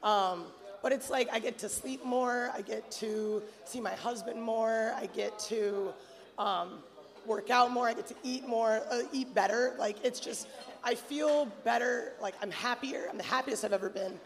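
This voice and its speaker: A woman speaking as a guest on a live panel, hoarse from days of yelling, playful and bold. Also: fairly high pitch, measured pace. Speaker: wrestling referee guest. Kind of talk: casual panel chat. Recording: live hall with long reverb.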